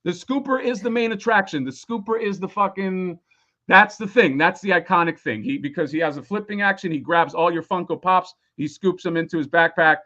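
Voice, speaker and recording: A man's voice: high-pitched, a little fast, bright, forceful tone, muffled recording. A man losing his voice, rambling casually and swearing a lot while explaining a toy on a live stream. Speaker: toy designer presenting a crowdfunding campaign.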